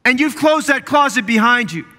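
A man's voice: very high voice, animated, normal speed, bright, forceful tone, long reverb tail. A man preaching a sermon as pastor, building fervor and repeating phrases for emphasis. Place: church sanctuary.

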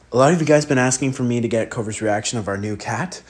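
A man's voice: medium pitch, pushed and bright, breathy edge. A young man filming a casual vlog, playful and giggly, swearing often as he talks. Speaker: vlogger.

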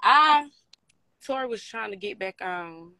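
A woman's voice: mid-range voice, lively intonation, unhurried, pushed and bright, no echo, low-quality recording. A woman telling a story in blunt, heated, casual talk, swearing constantly. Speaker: storyteller recounting a fight.

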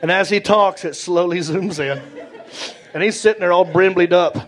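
A male stand-up comedian performing a playful, animated set and talking with the audience, on a club stage with a handheld mic. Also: high-pitched, normal speed. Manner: animated and playful, talks with the crowd. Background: audience laughter.

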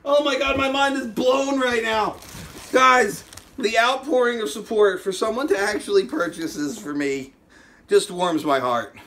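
A man hosting an unboxing vlog, exclaiming loudly over fan mail and swinging between shouts and muttered asides. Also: high voice, unhurried, a little hiss or hum.

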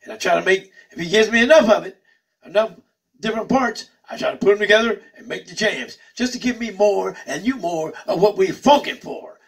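Man, host, laid-back funk musician, slow earnest talk, a little husky. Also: high voice, far from the mic. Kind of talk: casual explanation to viewers.

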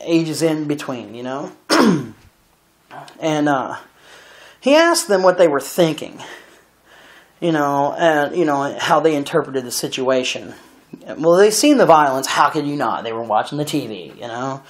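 A young man talks in a loose, rambling monologue, leaning on fillers and restarting his sentences again and again. He keeps stopping to clear his throat. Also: a little high, sing-song, measured pace, long pauses. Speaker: video blogger.

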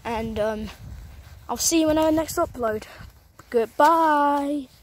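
A woman's voice: high voice, slow, a little hiss or hum. A young woman vlogging while walking outdoors, talking into a handheld phone in a rambling, apologetic, chatty way. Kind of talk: casual walking vlog. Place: outdoors on a country road. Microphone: phone camera held while walking.

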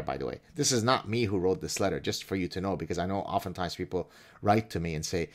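A man's voice: deep voice, fast. A man hosting a commentary show, reading aloud with sarcastic, mocking asides. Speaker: host.

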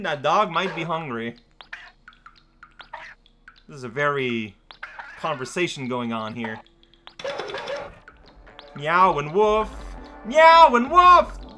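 A man giving casual gameplay commentary as a let's play host, rambling and goofy with excitable bursts. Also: fairly high pitch. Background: game music.

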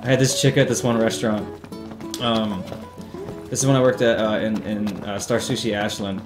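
A man's voice: lowish voice, steady tone, moderate pace. A young man doing casual, profane, sarcastic commentary while playing a video game. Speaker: let's play host. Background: game music.

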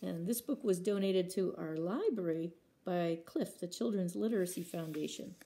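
A woman's voice: on the low side, normal speed, warm tone, husky. A woman librarian reading picture books aloud at children's story time, acting out sound words and stopping to ask the children questions.

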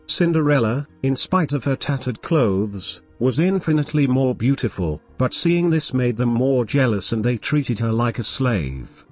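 A man narrates a fairy tale as a bedtime story, reading calmly, gently and steadily. His voice sits at a plain middle pitch. Faint music plays quietly underneath. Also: measured pace, hardly any pauses. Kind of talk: scripted narration.

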